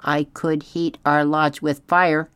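A reader voicing a calm, polite female robot who speaks slowly and carefully in an audiobook. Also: mid-range voice, clear, resonant tone, dry recording. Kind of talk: audiobook character voice.

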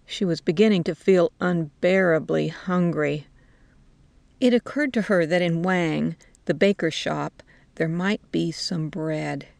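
A woman narrating a story in a slow, measured way. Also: lowish voice, vocal fry, a little mellow, dry recording.

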